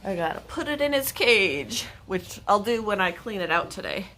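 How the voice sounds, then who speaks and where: A woman's voice: medium pitch, big pitch swings, normal speed, bright, forceful tone, a little hiss or hum. A woman from Michigan hosting a casual livestream chat from home, rambling and laughing often. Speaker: livestream host. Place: home, with her dog.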